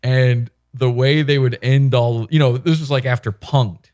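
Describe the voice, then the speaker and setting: A man's voice: medium pitch, unhurried. A man hosting a podcast, rambling in casual, profane chat and acting out quoted lines. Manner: rambling, animated, acts out quotes. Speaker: podcast host.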